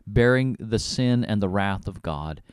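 A man co-hosting a Bible discussion, speaking in a measured way and quoting scripture readily. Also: on the low side, animated, slight background noise. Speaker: co-host. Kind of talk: conversational Bible teaching.

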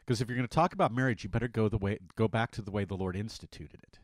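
A man co-hosting a conversational Bible study, reading scripture in an animated, dramatic way. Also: on the low side, very fast, no echo. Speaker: pastor co-host.

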